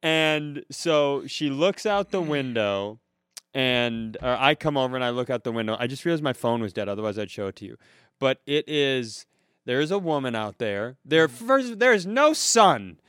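A man on a comedy podcast telling a long story casually, animated and profane, laughing at his own punchlines. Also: mid-range voice, normal speed, smooth, no echo, clean studio sound. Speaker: podcast co-host.

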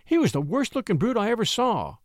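A man voicing a quick-witted young woman who talks in a high, excited, pleading way. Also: dry recording, clean studio sound. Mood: sly.

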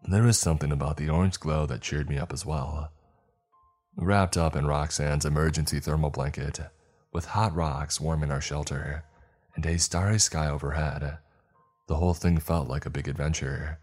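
A man narrating a first-person horror story in a measured, scripted way. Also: a bass voice, fairly even intonation, darkish tone, husky, faint music behind.

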